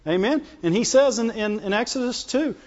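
A man preaching a sermon, lively and emphatic, climbing high when he voices God. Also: moderate pace, in a large hall, lo-fi sound.

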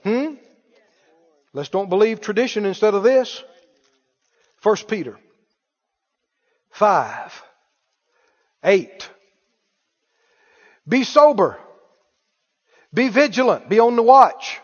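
A man's voice: sits high, sing-song, slow pace, long pauses. A man preaching a sermon, emphatic, firing questions at the congregation. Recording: muffled hall recording with long reverb.

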